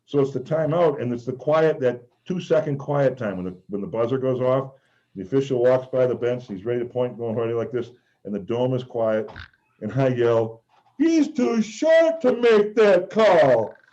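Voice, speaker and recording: A man's voice: mid-range voice, moderate pace. A man telling rambling stories as a former mascot guest on a video call. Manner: rambling, animated, shouts out quoted lines. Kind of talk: casual storytelling on a video call. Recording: dull lo-fi video call audio.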